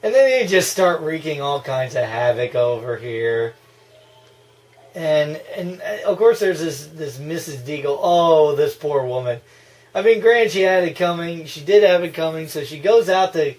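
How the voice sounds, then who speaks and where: A man giving casual, excitable movie reaction commentary, gushing and breaking into laughs and yells. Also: on the high side, normal speed.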